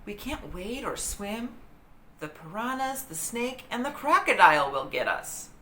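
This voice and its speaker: A woman voicing a bold, outspoken young girl in a storybook reading, speaking with emphatic excitement. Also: a little high, a little slow, a little hiss or hum, pitched above the performer's own voice, full character voice. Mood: shouting. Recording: roomy echo.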